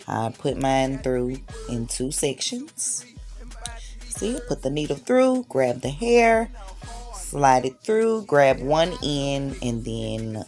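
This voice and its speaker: A woman's voice: rumbling low, big pitch swings, slow, darkish tone, faint music behind. A woman, a mother filming a casual hair-braiding tutorial at home and cheering herself on as she works. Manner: chatty and self-encouraging, hyping herself up. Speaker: hair vlogger, mother of six.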